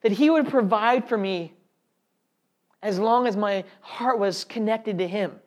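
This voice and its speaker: A man's voice: high voice, a little slow. A man telling an audience his personal faith testimony in an earnest, heartfelt way. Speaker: speaker sharing a testimony.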